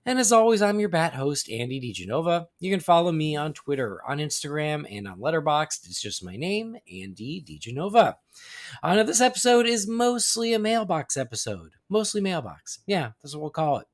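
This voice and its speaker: A man hosts a casual podcast with a lively, swinging delivery, his pitch rising and falling freely. He moves from reading plugs to easygoing chatter with his co-host. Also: moderate pace. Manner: chatty, animated, reads plugs then banters.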